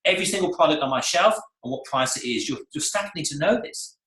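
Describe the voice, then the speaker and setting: Animated man coaching a room. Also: fairly high pitch, quick pace. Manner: animated, acts out client and staff voices. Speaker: salon coach. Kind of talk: lively seminar teaching. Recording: echoey room.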